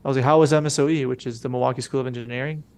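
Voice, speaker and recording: A man's voice: medium pitch, fairly even intonation, very fast, darkish tone. A young man co-hosting a podcast, telling a rambling, profane story in casual slang and acting out the people he quotes. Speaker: podcast co-host.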